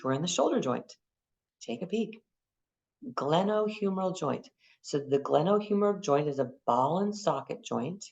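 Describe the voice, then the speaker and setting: A woman teaching an anatomy class for massage exam prep, lively and repeating key terms and memory aids. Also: sits low, dull audio.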